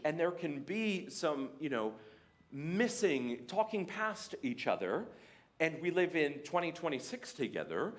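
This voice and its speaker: A young Canadian man with a Canadian accent, giving a humorous, animated talk at a church faith day. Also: on the high side. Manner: animated, jokey, mimics other voices. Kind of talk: sermon-style talk with humour.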